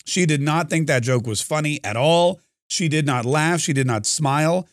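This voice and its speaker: A man's voice: fairly high pitch, moderate pace, no room sound, clean studio sound. A man hosting a commentary podcast, talking in a rambling, sarcastic way with many fillers and restarts. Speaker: podcast host. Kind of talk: casual commentary monologue.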